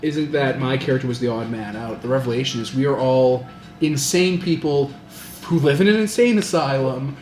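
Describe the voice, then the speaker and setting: A man's voice: medium pitch, darkish tone, soft background music. Joking man in an echoey room. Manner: joking, quick pop-culture riffs. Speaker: player. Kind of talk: casual chat.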